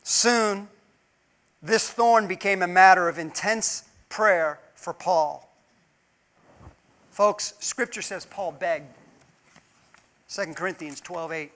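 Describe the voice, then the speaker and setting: Very high-voiced preaching man. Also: takes it slowly, long pauses. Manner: emphatic preaching, swinging between loud pleas and hushed asides; rhetorical questions to the congregation. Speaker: pastor. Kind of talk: sermon.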